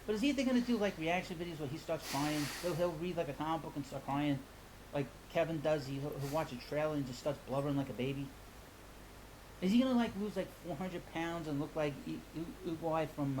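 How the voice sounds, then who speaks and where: A man's voice: a little high, a little mellow, rough recording. A man rambles on in a casual monologue, mocking and gossiping about others. A faint hiss sits under his voice in this played-back clip. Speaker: comic book channel host.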